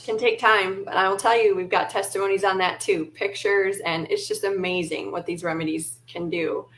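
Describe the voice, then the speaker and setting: A woman's voice: medium pitch, steady tone, normal speed, fairly bright tone, a little hiss or hum. Chatty woman interviewer, hesitant. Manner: friendly, hesitant with many ums. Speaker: interviewer, store host. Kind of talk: conversational interview.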